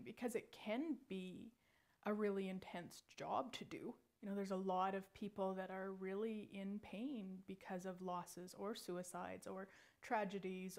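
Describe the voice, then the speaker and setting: A psychic medium in her forties shares a personal story, chatty and animated, often restarting her sentences. Her voice sits in the mid range.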